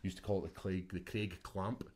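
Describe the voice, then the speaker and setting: Low-voiced scottish guy telling stories, animated, swears a lot. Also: brisk. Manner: animated, swearing storyteller who laughs often. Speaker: guest, mixed martial arts fighter. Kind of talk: casual chat.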